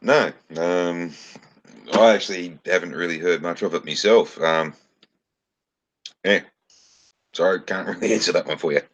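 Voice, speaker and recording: A man's voice: sits low, normal speed, pauses often, dull audio. A man co-hosting a casual stream, sarcastic and swearing freely. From Australia. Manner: profane, sarcastic. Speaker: co-host. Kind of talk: casual banter chat.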